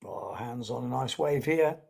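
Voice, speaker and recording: A man's voice: medium pitch, animated, a little slow, creaky, darkish tone, husky. A man giving chatty live commentary on a sports stream and reading out viewer comments.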